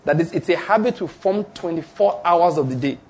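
A man's voice: on the high side, lively intonation, a little fast, darkish tone, slightly rough. A man preaching a sermon, emphatic, asking his listeners questions and repeating declarations.

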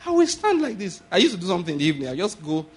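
A man pastor preaching a sermon, swinging between quiet asides and sudden loud, high emphasis. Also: wildly swooping pitch, racing, slightly rough. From Nigeria.

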